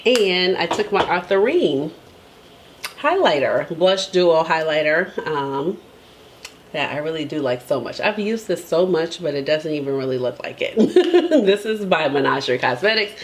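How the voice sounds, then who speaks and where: A woman's voice: low-pitched, lively intonation, measured pace. A woman beauty vlogger talking casually and emphatically to her viewers, laughing often and tagging her points with "okay?". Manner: chatty and emphatic, tags lines with "okay?"; laughs often between remarks. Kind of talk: casual chat.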